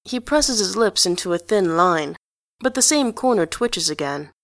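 A woman narrating a story in an even, measured way, close to the mic in a dry room. Her voice sits at a middle pitch. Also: no room sound. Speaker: audiobook reader.

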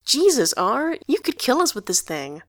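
A woman's voice: a little high, big pitch swings, moderate pace, no room sound, studio quality, voice pushed up. A woman voicing a blunt, nosy twelve-year-old boy who fires off brash, teasing questions in a storybook reading. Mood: cheeky.

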